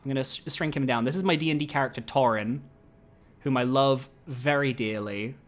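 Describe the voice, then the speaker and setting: Male streamer, casual gameplay commentary, excitable and foul-mouthed, rambling. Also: mid-range voice, fairly quick. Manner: excitable, swears freely, rambling asides.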